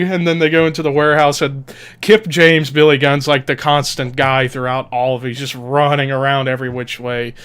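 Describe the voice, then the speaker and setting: A man's voice: medium pitch, a little fast, smooth. A man co-hosting a casual podcast, retelling a commercial with lots of energy and acting out the people in it. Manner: animated storyteller, acts out quoted lines in loud voices. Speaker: podcast co-host.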